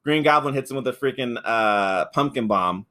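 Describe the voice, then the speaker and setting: A man's voice: mid-range voice, normal speed, bright, forceful tone. Sex: man. Role: podcast co-host. Style: casual chat. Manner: rambling, swears often, acts out quotes. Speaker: podcast co-host reviewing a film.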